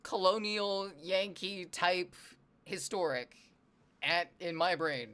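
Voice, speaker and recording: A streamer from the Northwestern US, chatting casually with viewers, animated and self-deprecating, swearing freely. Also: mid-range voice, slow, smooth.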